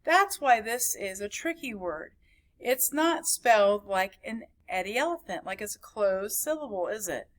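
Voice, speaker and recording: A woman teaching a recorded phonics lesson to young children, slowly stretching out and repeating each sound in a sing-song way. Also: mid-range voice, lively intonation. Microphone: camera recording at a desk.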